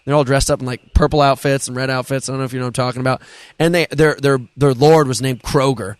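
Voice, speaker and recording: A man guesting on a podcast, telling stories in an animated, casual way and swearing freely. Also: mid-range voice, fast talker, clean tone, dry recording. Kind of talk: casual chat.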